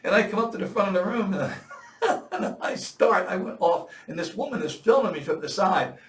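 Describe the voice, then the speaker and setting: A man in his seventies telling war-veteran stories in casual chat, profane and animated. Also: high-pitched, moderate pace, roomy sound, recorded from a distance. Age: 70s. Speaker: veteran storyteller.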